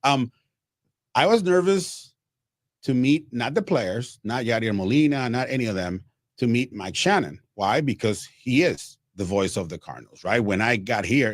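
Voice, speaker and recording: A man's voice: fairly low pitch, no room sound, clean studio sound. Man telling stories on air. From Mexico. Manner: animated, acts out quotes, frequent restarts. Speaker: Spanish-language baseball broadcaster, guest. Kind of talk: radio interview storytelling.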